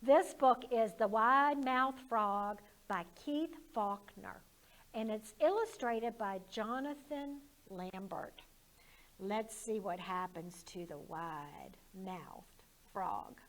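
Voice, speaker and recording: A woman's voice: medium pitch, takes it slowly. A woman who works as a children's librarian, leading storytime and talking to small children in a sing-song, encouraging way.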